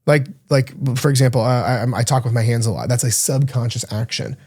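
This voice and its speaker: Blunt, mellow-voiced male podcast host. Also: medium pitch, fairly quick, breathy edge. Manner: blunt, emphatic, swears freely. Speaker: podcast host and diet coach. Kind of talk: casual podcast monologue.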